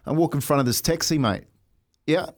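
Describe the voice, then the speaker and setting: Laughing, animated New Zealand radio man. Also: fairly high pitch, a little fast. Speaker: breakfast radio co-host. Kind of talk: casual radio banter, storytelling.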